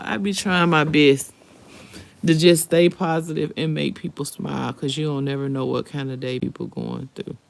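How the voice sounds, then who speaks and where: Gravelly-voiced woman hosting a live stream. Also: low voice. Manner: candid, emotional, talks straight to viewers. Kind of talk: casual live-stream chat.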